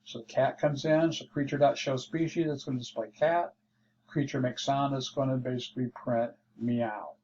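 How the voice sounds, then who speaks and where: A man teaching a programming lesson, walking through code slowly and thinking aloud as he explains. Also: mid-range voice, fairly even intonation, a little mellow. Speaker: programming instructor. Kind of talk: screen-share coding lesson. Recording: dull lo-fi mic with faint hiss.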